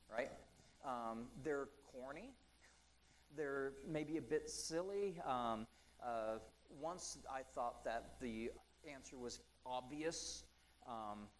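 A man gives a conversational sermon, chatty and peppered with ums and side remarks, slowing down whenever he reads scripture aloud. His pitch is medium, and the audio quality is poor.

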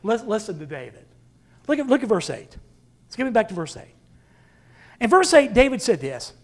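A man preaching a sermon with dramatic swings from loud to hushed. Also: sits high, very animated, moderate pace. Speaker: pastor.

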